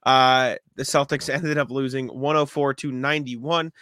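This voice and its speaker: Bright-voiced man hosting a podcast. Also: medium pitch, steady tone, no echo, studio quality. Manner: loose, reads stats in quick lists. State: has the hiccups. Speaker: podcast host. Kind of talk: casual sports podcast chat.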